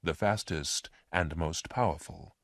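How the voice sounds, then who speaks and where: A man voicing a calm, powerful male alien in a storybook reading, speaking quietly and measured. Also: deep voice, no room sound, clean studio sound.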